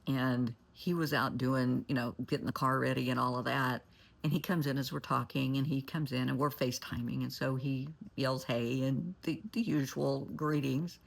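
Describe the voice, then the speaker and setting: A woman's voice: a bass voice, fairly even intonation, normal speed, creaky. A woman therapist recounting a client story and giving blunt, candid advice. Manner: candid, blunt, shifts to forceful warnings.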